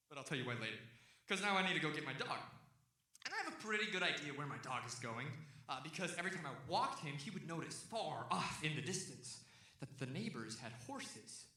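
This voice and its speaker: Animated stand-up comic from Texas. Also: male voice, fairly high pitch, a little fast. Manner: animated, shouting voices of the people in his story. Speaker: stand-up comedian. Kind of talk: stand-up storytelling. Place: comedy stage before a live audience. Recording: echoey venue heard from a distance.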